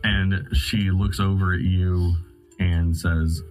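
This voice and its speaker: A man's voice: deep voice, level tone, takes it slowly, a little mellow, faint music behind, poor audio. A man narrating as game master of a tabletop game, often laughing as he describes the scene.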